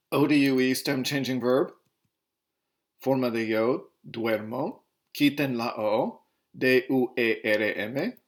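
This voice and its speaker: A male Spanish teacher with a medium-pitched voice records a slide lesson. He explains verb endings, spells out stems letter by letter, and moves between Spanish and English.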